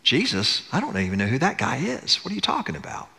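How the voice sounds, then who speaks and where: A man's voice: mid-range voice, huge pitch swings, fast, vocal fry, sharp tone, in a large hall, pitched below the performer's own voice, heavily acted. A man preaching voices a frightened male apostle, brushing off accusations with defensive denials.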